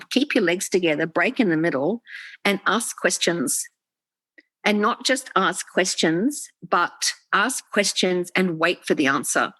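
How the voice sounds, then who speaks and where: A woman's voice: mid-range voice, fairly bright tone, dry recording, poor audio. A woman, an executive coach, explaining with animation on a video call and acting out quoted inner voices. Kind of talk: interview talk, explaining.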